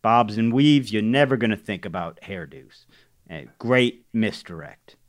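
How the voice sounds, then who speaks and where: A man's voice: on the low side, expressive, unhurried, no echo, studio quality. A man co-hosting a casual podcast chat about crossword puzzles, telling anecdotes and laughing often. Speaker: podcast co-host.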